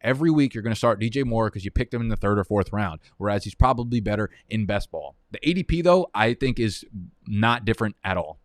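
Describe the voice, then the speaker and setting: Low-voiced guy running a fantasy draft stream, swears a lot, rants, dry close mic. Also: expressive, quick pace, no echo. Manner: profane, heated, rambling. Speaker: fantasy football host. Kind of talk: live-stream draft commentary.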